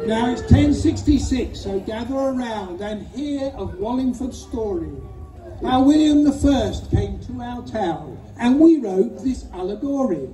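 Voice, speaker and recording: A man's voice: very high voice, noisy background. Jovial man narrating to a crowd. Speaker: narrator of folk play. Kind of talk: rhyming storytelling to an audience. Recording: echoey distant outdoor stage with crowd.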